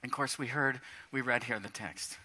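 A middle-aged man preaching a sermon in a church, animated and swinging between quiet talk and shouts. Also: mid-range voice, brisk. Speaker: pastor. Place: church sanctuary.

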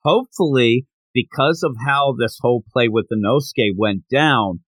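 A man's voice: mid-range voice, moderate pace, no room sound, rough recording. A man hosting a podcast, chatting casually and rambling through a manga chapter recap. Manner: rambling, animated, acts out quoted lines. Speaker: podcast host.

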